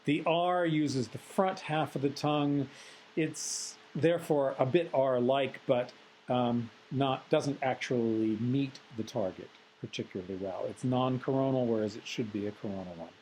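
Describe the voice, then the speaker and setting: Male lecturer, mid-pitched, measured and analytical, recorded lecture delivery with frequent pauses and fillers. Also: a little mellow, slight background noise, low-quality recording.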